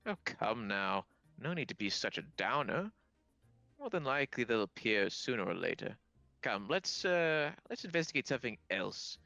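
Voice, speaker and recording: A man's voice: mid-range voice, sing-song, moderate pace, vocal fry, bright, forceful tone, no room sound, muffled recording, faint music behind, full character voice. A man voicing a smug male villain who mocks and brushes things off in a tabletop game.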